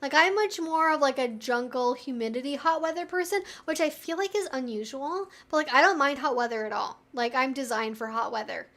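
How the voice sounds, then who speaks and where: A young woman with a high, light voice hosts a relaxed live-stream Q&A from home. She talks in a chatty, candid way and fills her sentences with "like.". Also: fairly quick, hardly any pauses. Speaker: live-stream host answering viewer questions. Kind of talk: casual live-stream Q&A chat.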